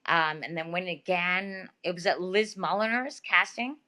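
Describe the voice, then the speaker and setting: Australian lady chatting on a video call, bright sharp voice, rambly and animated. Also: fairly low pitch, normal speed. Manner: chatty, animated storytelling with many fillers. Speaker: guest. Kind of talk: casual interview talk.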